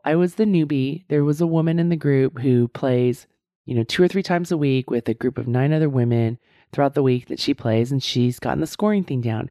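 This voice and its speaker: Earnest woman in her fifties, mellow voice. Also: rumbling low, dry recording, clean studio sound. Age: 50s. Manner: earnest, repeats points for emphasis, asks "right?" often. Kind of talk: reflective motivational monologue.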